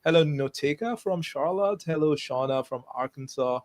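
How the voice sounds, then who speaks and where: A man's voice: a little high, moderate pace. A man from Nigeria hosting a live interview podcast, chatty and laughing easily as he greets viewers by name. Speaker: podcast host.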